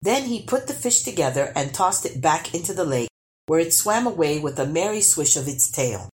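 A woman reading a children's storybook aloud, expressive and lively. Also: deep voice, moderate pace. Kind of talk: storybook read-aloud narration.

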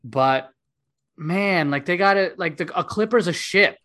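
A man's voice: high-pitched, a little slow, bright, forceful tone. A man hosting a casual podcast, emphatic and opinionated, repeating his points. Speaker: podcast host. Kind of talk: casual chat.

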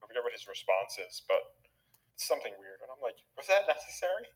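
A man's voice: on the low side, quick pace, rough recording. A man hosting a casual podcast chat, retelling a film scene by scene and acting out its characters' lines. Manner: animated, acts out movie characters' lines. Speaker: podcast host.

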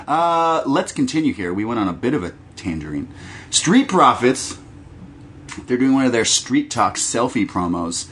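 A man co-hosting a casual wrestling podcast, talking in an animated, profane way and acting out quotes in silly voices. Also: mid-range voice, normal speed, a little hiss or hum. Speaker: podcast co-host.

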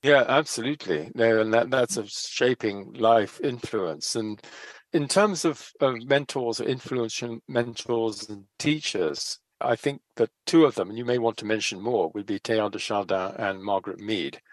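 A man hosting a podcast and asking questions in a measured, polite, slightly hesitant way. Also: on the low side, dry recording. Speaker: podcast host. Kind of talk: interviewing.

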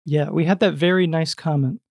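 Gravelly man hosting a podcast. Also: fairly high pitch, fairly even intonation, darkish tone, no room sound, studio quality. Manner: quick, joking delivery. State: out of breath. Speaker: podcast host. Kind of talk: casual podcast chat. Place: small recording booth.

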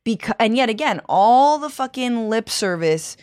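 A woman's voice: on the high side, lively intonation, normal speed, darkish tone, no room sound, studio quality. A woman comedian guesting on a podcast, talking emphatically and casually about politics, with some swearing. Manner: emphatic, swears, laughs easily.

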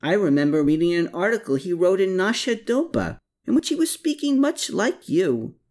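An earnest, gentle young man who speaks with polite insistence, as an audiobook narrator voices him. His voice is lifted above the narration, and it moves around a lot. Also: sits high, sing-song, moderate pace, pitched above the performer's own voice.

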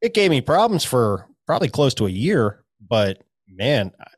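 A podcast co-host with a medium-pitched voice and big pitch swings tells a rambling, profane story in casual chat at a moderate pace. It's clean studio sound without any room echo.

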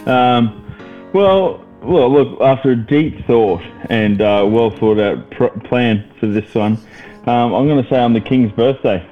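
A man's voice: mid-range voice, unhurried, phone-quality sound, soft background music. A man co-hosting a podcast, rambling with lots of fillers and swearing as he ribs his mates. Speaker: podcast co-host. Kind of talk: casual banter.

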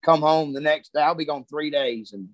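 Comedian, man, slightly high voice, dry close mic, cussing storyteller. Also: moderate pace, dry recording. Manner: profane, rambling anecdotes. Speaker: comedian guest. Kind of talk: casual storytelling chat.

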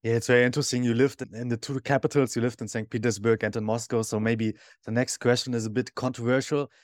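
A man hosts a podcast interview with a friendly, measured delivery. His voice sits at an ordinary pitch and is recorded close and dry. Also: level tone, dry recording. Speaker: podcast host. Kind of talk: interview hosting.

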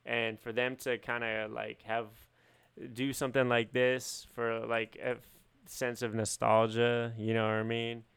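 A man's voice: medium pitch, completely flat delivery, unhurried, gravelly, fairly bright tone, clear, resonant tone. A man co-hosting a podcast, chatting casually and rambling with lots of filler words. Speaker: podcast co-host. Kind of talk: casual chat.

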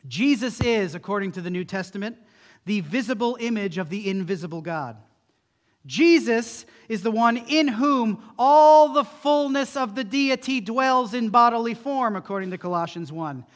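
A man's voice: very high voice, fairly bright tone. A man preaching an emphatic sermon as a pastor, using rhetorical questions. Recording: long hall reverb.

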